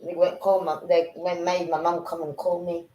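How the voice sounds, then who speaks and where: A woman telling a story in casual chat, animated and profane, acting out what people said. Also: fairly low pitch, normal speed. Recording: echoey room.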